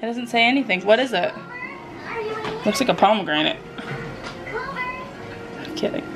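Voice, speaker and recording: A woman filming a casual home vlog on a handheld camera in her kitchen, excitable and gushing, tumbling over her own exclamations. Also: medium pitch, normal speed, music in the background, low-quality recording. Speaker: vlogger.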